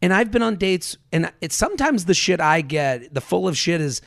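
A man with a high, gravelly voice hosts a podcast, talking fast and swearing freely as he jokes at his own expense. The sound is dry and close, with no room echo. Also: expressive. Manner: fast-talking, profane, self-mocking. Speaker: podcast host. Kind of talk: casual podcast chat.

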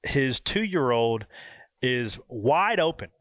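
A man's voice: mid-range voice, sing-song, slow, fairly bright tone, no room sound, clean studio sound. A man hosting a podcast in casual chat, joking and telling a story with frequent laughter. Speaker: podcast host.

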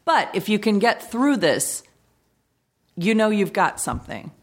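A woman guest in a casual interview, talking in a dry, deadpan and sarcastic way. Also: medium pitch, measured pace. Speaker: actress guest.

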